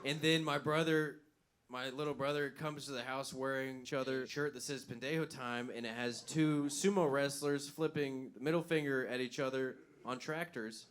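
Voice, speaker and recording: A man's voice: mid-range voice, fairly even intonation, moderate pace, fairly bright tone, slight background noise. A young man co-hosting a live comedy podcast, telling crude, rambling stories and laughing at his own jokes. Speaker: podcast co-host. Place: live venue stage.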